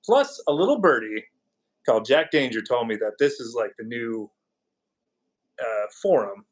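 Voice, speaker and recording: A man's voice: mid-range voice, expressive, moderate pace. A man from California hosting a live stream, chatting casually and jokingly with viewers. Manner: rambling and jokey, reacting to chat. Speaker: podcast host.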